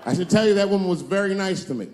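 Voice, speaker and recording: Male stand-up comedian, brash and loud-to-soft, noisy live stage recording. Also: high voice, lively intonation, racing. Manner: swaggering, swings loud and soft for punchlines.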